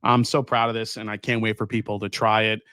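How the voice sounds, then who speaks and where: A man's voice: fairly low pitch, fast, smooth, dry recording, studio quality. Enthusiastic man hosting a whiskey livestream. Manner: relaxed, enthusiastic, laughs often. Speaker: whiskey channel host. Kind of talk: casual livestream chat, reading super chats.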